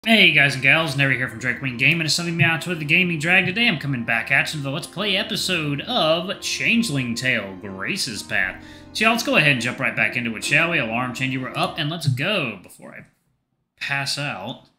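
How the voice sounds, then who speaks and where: A man hosting a gaming channel, reading a story game aloud in steady narration. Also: medium pitch, fairly quick, faint music behind. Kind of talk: reading a visual novel aloud.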